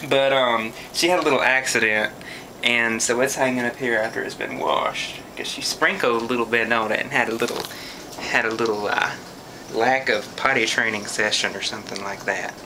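A man's voice: mid-range voice, steady tone, normal speed, noisy background. A young man, telling a story in a sarcastic, profane vlog rant. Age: young adult. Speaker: vlogger.

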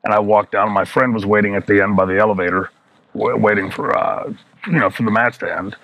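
Here the same kind of guest, a man in his fifties, swears his way through an animated anecdote while playing the characters himself. He speaks fairly quickly in a fairly low voice, on a low-quality recording without echo.

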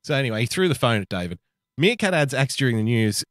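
A man's voice: medium pitch, big pitch swings, fast, dry recording, studio quality. A man co-hosting a casual podcast, swearing and laughing often. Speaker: podcast co-host. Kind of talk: casual chat.

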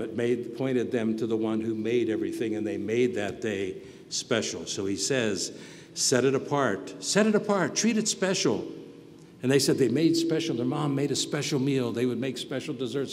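A man giving a sermon as pastor, earnest, moving between quiet reflection and loud emphasis. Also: medium pitch. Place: church hall. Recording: reverberant hall with faint background noise.

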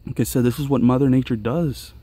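A man's voice: mid-range voice, steady tone, fast, mellow, slightly rough. A man giving an enthusiastic, chatty outdoor tour of his pepper garden for viewers. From Los Angeles area. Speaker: gardening vlogger. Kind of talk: casual garden walkthrough vlog. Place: outdoors on a mountain trail garden.

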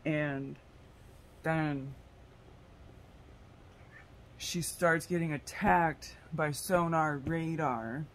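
A woman's voice: low-pitched, very slow, pauses often, slight background noise. A woman rambling through a silly story idea in a casual monologue, giggling, swearing and losing her train of thought. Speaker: tarot vlogger.

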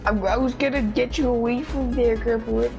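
A woman's voice: fairly high pitch, fairly even intonation, a little fast, vocal fry. A woman voicing an anxious, whimpering teenage grandson in playful game voice-over. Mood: urgent. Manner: fretful, whimpering. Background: game music.

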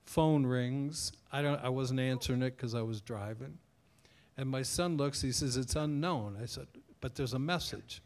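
A man's voice: mid-range voice, moderate pace. Man telling a story on stage. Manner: animated, slips into quoted voices. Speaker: guest author. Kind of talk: live storytelling anecdote. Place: tavern event before an audience.

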